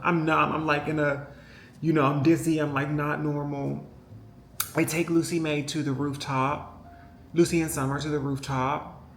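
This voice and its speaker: A woman's voice: deep voice, a little hiss or hum. A woman vlogger telling a story in a casual, rambling and emotional way, with many fillers and asides to her viewers. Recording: echoey room with faint music behind.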